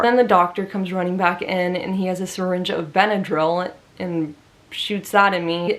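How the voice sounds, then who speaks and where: Woman vlogger, personal story to camera, earnest and emphatic, mid-range voice, chatty fillers. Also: medium pitch.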